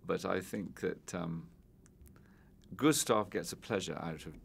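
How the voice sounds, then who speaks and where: A male actor in an interview, talking about his role in a measured, wry way. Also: low-pitched, creaky, a little hiss or hum.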